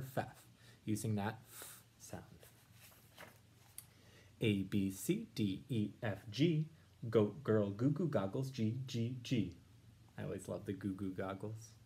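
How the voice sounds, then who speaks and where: A man teaching young listeners, reading a rhyming picture book aloud and explaining it in a gentle, encouraging way. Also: on the low side. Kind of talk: read-aloud lesson.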